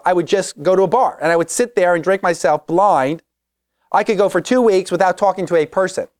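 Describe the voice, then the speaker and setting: A man preaching, telling his conversion testimony as a story and acting out the dialogue with emphasis. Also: sits high. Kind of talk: testimony sermon.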